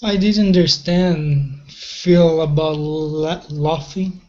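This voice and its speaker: Slow, halting male learner. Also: a little high, steady tone, darkish tone, slight background noise. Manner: slow, halting reading with restarts. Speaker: English student. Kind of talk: reading aloud in a lesson. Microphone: video call. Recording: muffled online call audio.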